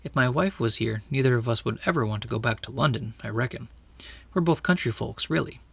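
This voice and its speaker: A man's voice: medium pitch, brisk, creaky, fairly bright tone, husky, no room sound. A man voicing a humble, earnest London cabby with a Cockney accent, deferential and plain-spoken. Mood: bashful. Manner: plain-spoken, deferential, homely turns of phrase. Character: humble middle-aged male London cabby, shy and earnest.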